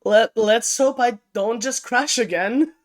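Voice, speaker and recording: Chatty woman streamer, slightly high voice. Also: slow. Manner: chatty, laughing, stumbling restarts. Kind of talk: casual gaming stream chat. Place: home streaming setup. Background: faint game music.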